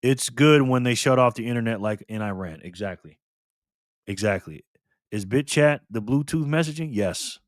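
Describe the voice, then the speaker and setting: A man hosting a casual livestream, reading and answering the chat excitedly. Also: medium pitch, moderate pace, dry recording, studio quality. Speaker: livestream host.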